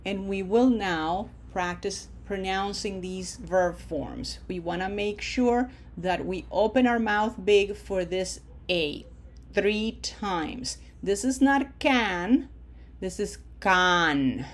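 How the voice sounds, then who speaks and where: Slow, careful woman teaching a lesson. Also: medium pitch, a little mellow. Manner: slow, careful explanation with drawn-out model words. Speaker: Spanish teacher. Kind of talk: recorded grammar lesson.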